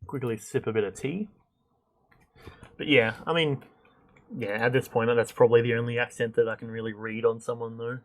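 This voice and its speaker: A young man streaming a game, chatting casually and thinking out loud with lots of fillers and restarts. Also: medium pitch, fairly even intonation, moderate pace, long pauses. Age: young adult. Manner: rambling, chatty, thinks aloud with many fillers. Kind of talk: casual gameplay commentary.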